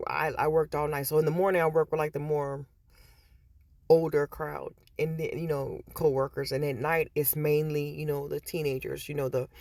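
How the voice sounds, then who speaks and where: A woman with a low, darkish voice, recorded dry, vlogs from a store. She talks casually to her viewers in a chatty, repetitive way, bringing her retold stories to life with quoted voices.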